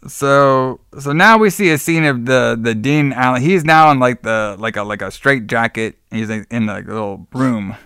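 A man's voice: medium pitch, moderate pace, few pauses, pushed and bright, clear, resonant tone, dry recording, studio quality. A man casually recapping a horror movie as podcast co-host, rambling, swearing and laughing often.

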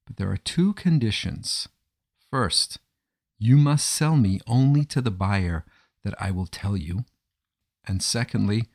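A man voicing a kind, mysterious stranger who speaks gently and reassuringly in a storybook telling. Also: lowish voice, no room sound, studio quality.

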